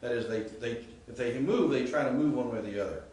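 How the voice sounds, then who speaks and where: A man's voice: medium pitch, fast talker, darkish tone, recorded from a distance. A man lecturing on grammar to a class in an informal, explanatory way, often checking in with the students. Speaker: Greek professor. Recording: echoey classroom recorded from afar with faint hiss.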